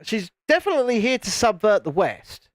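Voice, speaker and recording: Big pitch swings mark this British YouTube host's high voice, which moves at normal speed. He keeps his live stream casual, cracking jokes and reading out comments while building, and the studio recording has no echo.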